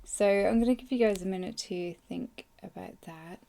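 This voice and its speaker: A young woman hosting a podcast, hoarse and tired, rambling through a casual live journaling session close to the mic. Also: medium pitch, moderate pace, mellow. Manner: rambling, filler-heavy, self-deprecating. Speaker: podcast host. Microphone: close microphone.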